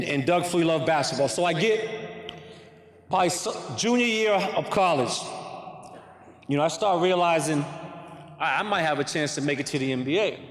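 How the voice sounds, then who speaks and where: A man tells a personal story to a crowd, acting out every quoted line with real energy. His voice sits high for a man. The sound rings around a big hall with a long echo. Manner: animated storyteller, acts out quoted lines. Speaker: guest speaker, former pro basketball player. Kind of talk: storytelling talk to an audience. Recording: echoey hall recording.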